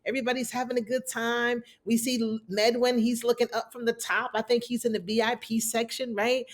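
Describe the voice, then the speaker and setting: A woman's voice: a little high, level tone, a little fast. A woman hosting a casual TV episode recap, chatty and sassy, calling her viewers "y'all". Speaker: TV recap host.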